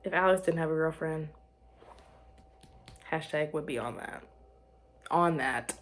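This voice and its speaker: A young woman chatting to camera about her life, rambling and restarting, giggling and dropping to quiet murmurs. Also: low voice, measured pace. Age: young adult. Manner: rambling, self-interrupting, giggly, drops to murmurs. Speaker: vlogger. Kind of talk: casual chat to camera.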